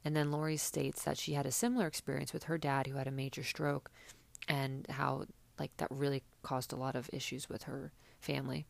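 Woman, low gravelly voice, sarcastic casual recap chat, dry close sound. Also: little pitch movement, brisk, dry recording. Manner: chatty and sarcastic, many fillers. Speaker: podcast host recapping reality TV.

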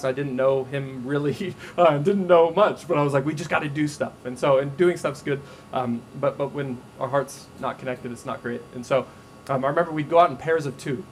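A man preaching a sermon as a pastor, telling stories in a casual, animated way with frequent restarts. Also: mid-range voice, brisk, a little hiss or hum, poor audio.

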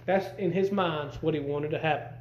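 Folksy high-voiced man preaching in an echoey church. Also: normal speed, darkish tone, lo-fi sound. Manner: folksy, conversational preaching with rhetorical questions. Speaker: pastor. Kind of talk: sermon.

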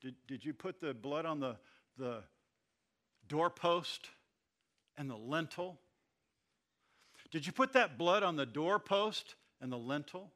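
A man's voice: on the high side, lively intonation, slow pace, pauses often, a bit bright. A man doing an anxious old grandfather. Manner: urgent, pressing repeated questions. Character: worried old grandfather, head of household.

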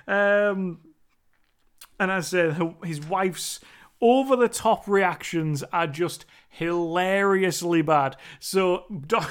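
High-voiced man rambling through a movie review. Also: takes it slowly, clear, resonant tone. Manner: laughing, rambling, mimics film lines. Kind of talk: casual spoken movie review.

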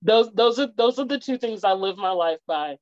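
A woman's voice: medium pitch, lively intonation, moderate pace, a little mellow, no room sound. A woman speaking as a guest in a heartfelt conversational interview, earnest and repeating her key phrases for emphasis. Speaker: guest, parent. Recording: dull lo-fi dry sound.

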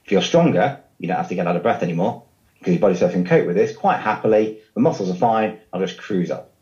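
A man's voice: deep voice, expressive, fast, a little mellow, highs cut off. A man, a fitness trainer guest on a podcast, explaining things patiently with everyday comparisons. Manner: explanatory, uses analogies. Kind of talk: podcast interview.

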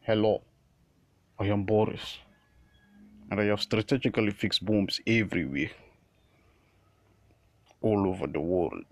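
A cold, loud movie villain, as a man puts him on, issues slow, clipped threats. The voice sits low and dry. It is a comic take on a blockbuster bad guy. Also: dry recording.

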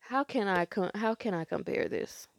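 A woman's voice: medium pitch, expressive, normal speed, vocal fry, no echo. A congested woman, telling a spiritual story in a loose, rambling, conversational way as a podcast host.

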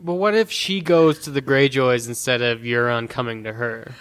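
Bright, smooth-voiced man co-host. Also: medium pitch, steady tone, moderate pace. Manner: jokey, hesitant with fillers. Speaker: podcast co-host. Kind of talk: casual podcast discussion.

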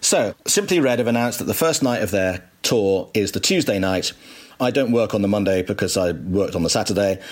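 Husky low-voiced guy, middle-aged, spinning a funny story. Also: a little fast. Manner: lively, self-mocking raconteur. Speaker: broadcaster hosting a reminiscence chat. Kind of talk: anecdotal storytelling.

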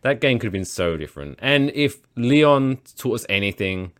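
A man from England co-hosting a podcast, calmly teasing and upbeat about his football team. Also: mid-range voice, normal speed. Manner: teasing, calmly optimistic, enjoys his friend's frustration. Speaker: podcast co-host. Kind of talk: casual podcast chat.

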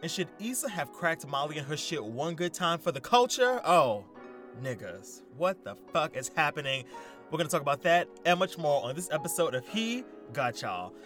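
A young man hosting a casual solo podcast, talking in an excitable, animated way with plenty of profanity. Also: a little high, normal speed, soft background music. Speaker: podcast host. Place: indoors, sitting in a squeaky chair.

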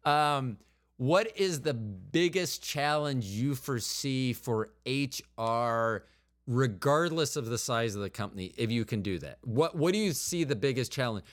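Blunt, animated male podcast host. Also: mid-range voice, unhurried. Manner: animated storyteller, blunt, swears casually. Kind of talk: casual interview chat.

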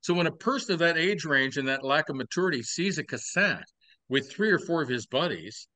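Sharing old stories with wry, playful asides, a man in his sixties from Texas hosts a casual podcast in his Southern accent. His voice leans high with lively intonation and a sharp tone, he talks briskly, and there is no echo.

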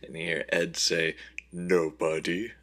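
A man's voice: sits low, level tone, pushed and bright. A man co-hosting a comedy podcast, recapping a movie and laughing as he acts out quotes. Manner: slow, laughing, breaks into exaggerated quoted voices. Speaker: podcast co-host.

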